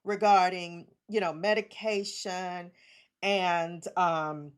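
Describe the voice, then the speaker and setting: A woman's voice: on the low side, fairly even intonation, slow, smooth. A woman in her forties hosting a casual chat, affirming her guest with frequent murmurs of agreement. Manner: warm affirming, many listening murmurs.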